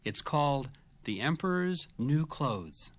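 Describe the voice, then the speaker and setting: A man reading a children's story aloud in a friendly, animated way. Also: a little high, takes it slowly, no echo. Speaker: children's show host.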